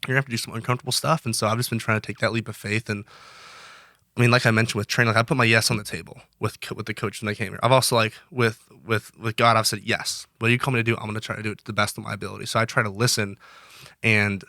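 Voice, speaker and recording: Twenties male interview guest, bright and brisk delivery, earnest and rambling. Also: on the low side, flat delivery, gravelly, no room sound, clean studio sound. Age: 20s. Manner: earnest, rambling with many restarts. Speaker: guest, college wrestler. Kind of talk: casual interview talk.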